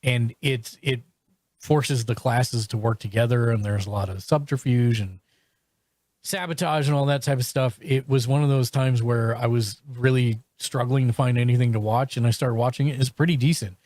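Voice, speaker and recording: A man's voice: mid-range voice, darkish tone, dry recording. A man hosting a podcast, chatting casually and reviewing shows, with frequent restarts and fillers. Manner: halting, full of restarts and fillers. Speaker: podcast host.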